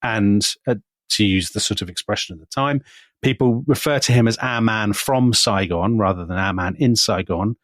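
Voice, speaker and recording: A man's voice: moderate pace, dry recording. Man telling history, dry close sound. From Britain. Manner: animated, quotes figures in lowered voice. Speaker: podcast co-host. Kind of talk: conversational history storytelling.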